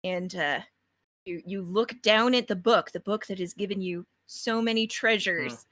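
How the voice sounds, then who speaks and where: Woman game master, bright slow delivery, dry close sound, halting narration. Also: mid-range voice, no room sound.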